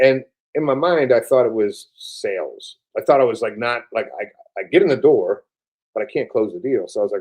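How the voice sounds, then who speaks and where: A man's voice: mid-range voice, expressive, brisk, a little mellow, husky. A man in his forties, a military veteran with a Buffalo accent mixed with Southern, talking casually in an interview with lots of fillers and restarts. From upstate New York. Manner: rambling, filler-heavy, frequent restarts, casual swearing.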